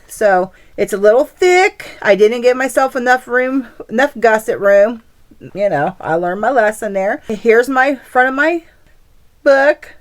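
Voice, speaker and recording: Gushing, chatty woman crafter. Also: a little high. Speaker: craft channel host. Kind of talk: casual craft show-and-tell.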